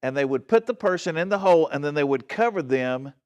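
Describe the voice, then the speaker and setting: A man's voice: fairly high pitch, animated, a little fast, a little mellow, smooth, lo-fi sound. A man giving a Bible study sermon in a church. He speaks earnestly and with emphasis, often checks in with his listeners, and restarts and corrects himself as he goes. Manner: frequent restarts and self-corrections. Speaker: pastor teaching a Bible study.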